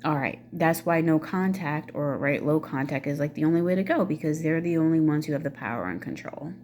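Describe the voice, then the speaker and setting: Blunt cussing lady ranting to the camera, low voice, lots of um and like. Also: a little fast, darkish tone. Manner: blunt, swears freely, many fillers. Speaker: vlogger. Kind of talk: casual ranting monologue.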